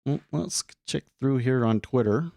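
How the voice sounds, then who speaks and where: A man's voice: mid-range voice, a little slow, creaky, darkish tone, no room sound, clean studio sound. A young man casually talking through his trading day on a live stream, thinking aloud with frequent restarts and filler words.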